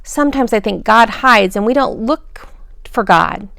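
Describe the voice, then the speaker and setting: A woman gently reading a children's picture book aloud at bedtime, pausing to ask the listener questions. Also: fairly high pitch, lively intonation, gravelly, no echo, studio quality.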